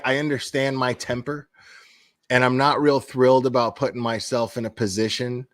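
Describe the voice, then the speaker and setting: A man, a crime-commentary vlogger, ranting casually, bluntly and profanely with laughing asides. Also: medium pitch. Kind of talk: casual vlog rant.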